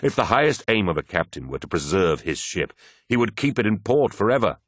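A man's voice: lowish voice, sing-song, a little fast, no echo, studio quality. A man voicing a proud, imperious male warlord in an audiobook reading, with stern, lofty speech.

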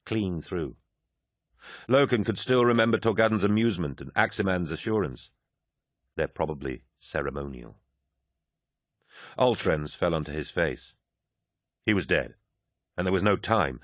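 Very deep-voiced male audiobook narrator. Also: animated, normal speed, no echo, studio quality. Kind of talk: scripted narration.

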